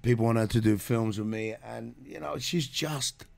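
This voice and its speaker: A middle-aged man tells stories animatedly as a guest in a radio studio. His voice is gravelly and sits at an ordinary pitch. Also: normal speed, darkish tone. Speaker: guest actor. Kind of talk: casual radio chat.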